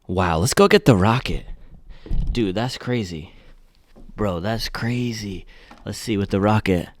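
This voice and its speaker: A man hosting a casual shoe review, talking excitedly and breaking into slangy exclamations. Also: fairly low pitch, moderate pace, a little hiss or hum. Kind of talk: casual product review vlog.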